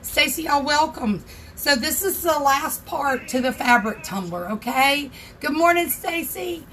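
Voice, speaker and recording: A woman's voice: high voice, lively intonation, a little slow, a bit bright, a little hiss or hum. A woman hosting a casual craft tutorial livestream from her home craft room, chatting and greeting viewers by name.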